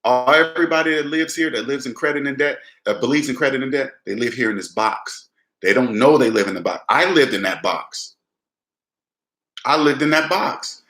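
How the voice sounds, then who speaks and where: A man's voice: mid-range voice, expressive, moderate pace, a bit bright, roomy sound. A man casually talking to the camera about personal finance, repeating phrases and calling the listener "man".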